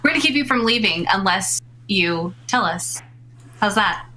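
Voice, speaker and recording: A woman's voice: mid-range voice, lively intonation, moderate pace, pushed and bright, rough recording. A woman playing a villain's side in a tabletop game, speaking in a hesitant, dry way. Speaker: player.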